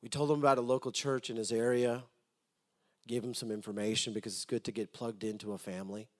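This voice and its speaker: A man preaching a sermon to his congregation, swinging from loud appeals to soft, hushed storytelling and repeating words as he starts a thought. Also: medium pitch, level tone, fast.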